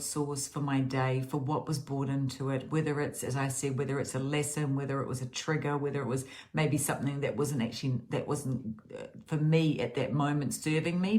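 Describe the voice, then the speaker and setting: A woman with a low voice talks through a gratitude routine in a casual self-help style. She is earnest and rambling, often restarting and repeating her words. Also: a little mellow.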